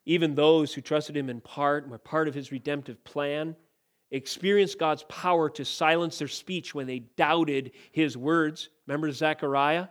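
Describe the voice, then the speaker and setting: A man preaching a sermon, building to emphatic, forceful declarations and then dropping back to quieter explanation. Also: fairly high pitch, steady tone, normal speed. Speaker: pastor.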